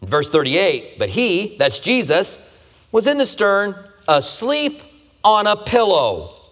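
A man's voice: high voice, huge pitch swings, takes it slowly, fairly bright tone. A man preaching a conversational sermon, asking the listeners rhetorical questions. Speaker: pastor. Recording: long hall reverb.

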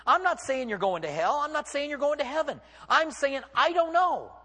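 A high-voiced man preaches a sermon with swooping, lively pitch. He presses his points with rhetorical questions. His voice rings with the long reverb of a large hall. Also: brisk. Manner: emphatic, rhetorical questions, acts out quotes. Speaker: pastor.

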